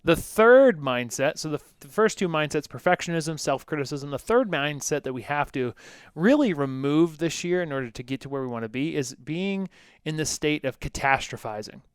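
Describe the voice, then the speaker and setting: A man coaching on a casual fitness podcast, pitched a bit high with a smooth, clear voice. He talks animatedly and acts out quotes. The sound is close and dry, with no room echo. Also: expressive, moderate pace.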